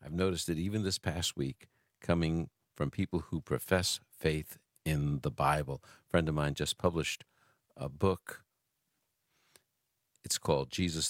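A man's voice: a bass voice, no room sound. A man hosting a call-in radio show, talking earnestly with restarts and fillers into a studio mic.

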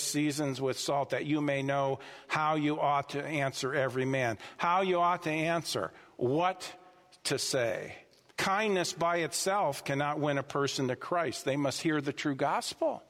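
A man's voice: fairly high pitch, fairly bright tone. A male pastor preaching a sermon with emphasis, repeating key phrases for his listeners. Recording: long hall reverb.

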